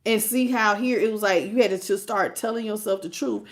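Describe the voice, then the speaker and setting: A woman giving a live tarot reading, animated and chatty, talking straight to her viewers and fighting back tears. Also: medium pitch, brisk. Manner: emotional, on the verge of tears. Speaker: tarot reader.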